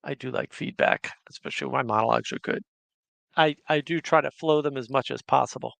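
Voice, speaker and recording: A man's voice: mid-range voice, steady tone, fast, vocal fry, fairly bright tone, no room sound. A man hosting a casual livestream, chatting and reading viewer comments aloud. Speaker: livestream host.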